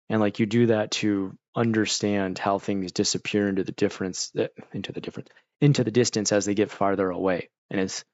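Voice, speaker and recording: A man's voice: fairly low pitch, no room sound. A man, an art teacher, chatting casually on a livestream, joking and swearing as he rants. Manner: profane, ranting, joking. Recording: dull lo-fi stream audio, dry.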